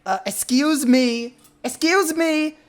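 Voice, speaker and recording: A shrill, possessive young girl demands attention for her senpai, as a man puts her on at the gaming table. She pitches her voice up high and pushes it loud. There is faint music behind her. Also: animated, takes it slowly, exaggerated voice. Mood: insistent.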